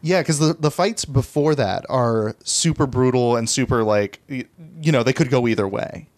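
A man's voice: mid-range voice, moderate pace, darkish tone, no room sound. A man co-hosting a podcast, casually chatting about a movie in a laid-back, agreeable way. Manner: laid-back, agreeing, adds short comments. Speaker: podcast co-host.

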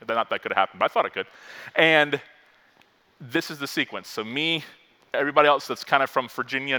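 A pastor from Florida preaching a lively sermon and acting out the quotes he reads. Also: mid-range voice.

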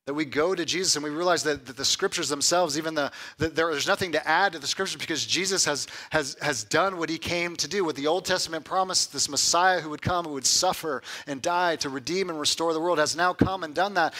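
A man preaching a sermon, moving between hushed, intimate lines and raised, emphatic ones, often repeating words as he restarts a phrase. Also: a little high, brisk. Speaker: pastor.

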